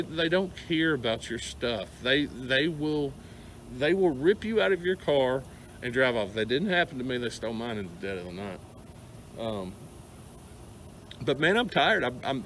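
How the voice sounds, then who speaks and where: A man's voice: a little high, fairly bright tone, slight background noise. A middle-aged man with a Southern American accent, ranting angrily to camera, rambling and stumbling over repeated words. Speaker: vlogger. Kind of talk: angry venting rant to camera.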